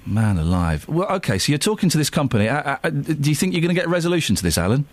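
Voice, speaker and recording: A man's voice: on the high side, very fast, slight background noise. A man hosting a radio show, chatting casually and telling stories with exclamations. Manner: animated storyteller, exclamations.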